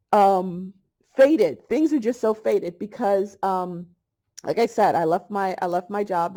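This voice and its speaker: A woman's voice: on the low side, a little mellow. A middle-aged woman vlogging about holistic health, telling a story in a chatty way and acting out both sides of a conversation. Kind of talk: casual spiritual monologue.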